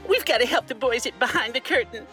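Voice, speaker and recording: A woman's voice: on the high side, lively intonation, quick pace, bright, forceful tone. A woman doing a chirpy showbiz daughter. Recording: music playing behind.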